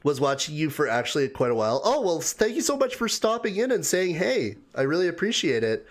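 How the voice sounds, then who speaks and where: A man from Canada runs a casual livestream, laughing and chatting as he says hello to viewers and reads their comments aloud. His voice is slightly high, sing-song and brisk.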